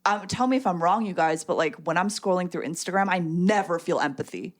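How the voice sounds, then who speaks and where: A woman's voice: lowish voice, brisk. A woman in her thirties, co-hosting a podcast in casual chat; she laughs easily and asks the others questions. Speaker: podcast co-host.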